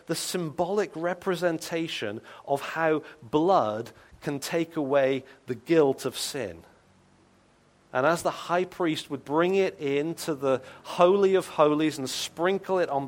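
A man preaching in a church in a relaxed, conversational way. He is earnest and sincere, stumbling over repeated words as he thinks aloud. At times he drops to a quiet, hushed tone for a prayer. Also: on the high side. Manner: earnest, drops to soft hushed tones when voicing a penitent's prayer. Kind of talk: conversational sermon.

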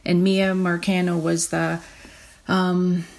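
Gravelly-voiced woman hosting a podcast. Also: fairly low pitch, little pitch movement, a little mellow. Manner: halting, with many fillers and restarts. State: close to tears. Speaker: podcast host. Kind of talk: emotional podcast update.

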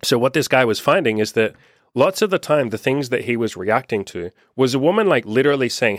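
A man's voice: mid-range voice, animated, brisk, no echo, studio quality. A young man coaching on dating, talking candidly and casually, acting out quoted texts and swearing freely. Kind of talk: casual monologue to camera.

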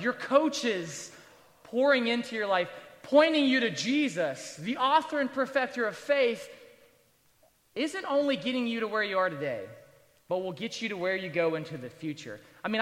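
A man's voice: high-pitched, fairly bright tone, long reverb tail. A man in his thirties, a pastor giving a chapel sermon to students in a conversational, joking way with rhetorical asides. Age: 30s. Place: large university chapel, standing at the altar.

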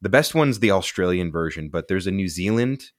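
A man's voice: sits low, expressive, a little fast, no room sound, studio quality. A young man co-hosting a casual movie-review podcast, laid-back and rambling, full of "dude" and "like". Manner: laid-back, tangent-prone, says "dude" and "like" often. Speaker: podcast co-host.

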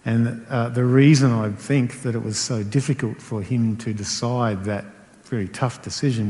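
A man's voice: fairly low pitch, dark tone. A middle-aged man preaching a conversational sermon, stacking repeated rhetorical phrases. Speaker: pastor. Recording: long hall reverb.

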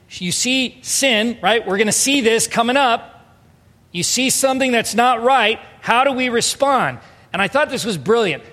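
A pastor in his thirties preaching an earnest, emphatic sermon, moving between soft storytelling and raised exhortation. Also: sits high. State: emotional, near tears. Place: church hall. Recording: reverberant hall.

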